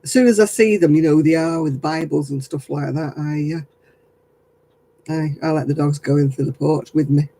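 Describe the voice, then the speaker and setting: A woman's voice: sits low, steady tone, moderate pace, dark tone, slight background noise, low-quality recording. A woman with a British accent chatting casually on her vlog, telling wry stories with frequent chuckles. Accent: British English. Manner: wry and chuckling, storytelling about prank callers. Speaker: craft vlogger. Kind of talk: casual chat.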